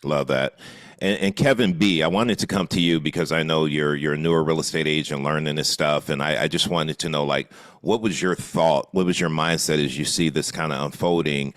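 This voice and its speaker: A man's voice: very deep voice, fairly even intonation, brisk, a bit bright, no echo. A man, a real estate coach, giving encouraging feedback on a group video call and often repeating words as he starts.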